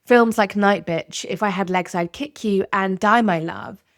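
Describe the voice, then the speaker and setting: Woman host talking straight to you, dry close sound, mid pitch. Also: unhurried, no room sound. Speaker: podcast host. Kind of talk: scripted narration.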